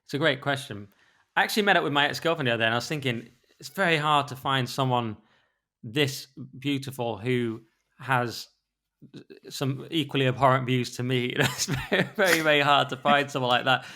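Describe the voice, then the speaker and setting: A British man co-hosting a podcast, chatting casually and opinionatedly, often slipping into quick impressions of other people. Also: mid-range voice. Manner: fast, animated, acts out voices of others. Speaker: podcast co-host.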